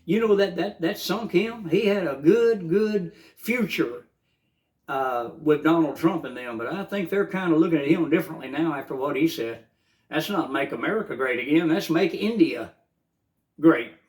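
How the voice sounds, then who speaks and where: An older man with a drawl talks straight to the camera in a loose, rambling morning monologue. He gets fervent and stacks up filler uhs and restarts. His voice sits a little high for a man. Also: expressive, moderate pace, darkish tone. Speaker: vlogger.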